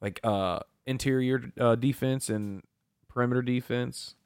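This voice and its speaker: A man's voice: medium pitch, steady tone, a little slow, clear, resonant tone, no echo. A young man co-hosting a podcast, telling a story in casual chat and acting out the voices with big jumps and laughs. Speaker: podcast co-host.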